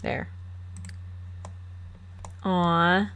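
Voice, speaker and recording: A woman's voice: on the low side, very slow, gravelly, a bit bright, smooth, muffled recording. A woman casually commenting on her life-simulation game at her computer, giggling and coaxing her characters, with mouse clicks and typing behind her. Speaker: let's play host. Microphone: desktop USB mic.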